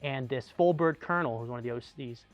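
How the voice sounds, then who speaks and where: A man's voice: medium pitch, brisk, no echo, lo-fi sound, faint music behind. A young man from Tucson, an army veteran, casually telling anecdotes in a chatty way full of "like" and restarts. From Tucson, Arizona, USA. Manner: animated, chatty, lots of "like" and restarts.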